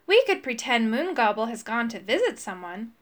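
A woman voicing a bumpy male creature with a croaking voice in a storybook. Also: a little high, big pitch swings, moderate pace. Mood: plain. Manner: croaking, matter-of-fact.

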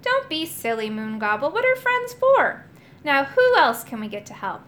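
A woman's voice: high-pitched, very animated, normal speed, a bit bright. A woman voicing a grumpy, sarcastic male talking toad in a storybook reading, with a dry, grumbling manner. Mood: teasing.

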